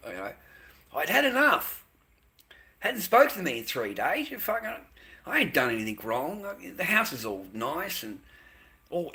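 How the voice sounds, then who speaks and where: Bright-voiced, bitter Australian man ranting. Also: fairly high pitch. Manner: bitter, profane, repeats himself. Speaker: livestreamer. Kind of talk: rambling live-stream monologue.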